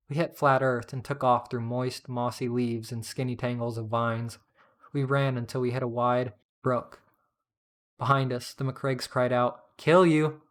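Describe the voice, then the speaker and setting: A man narrating a first-person story in a steady, plain reading voice. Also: mid-range voice.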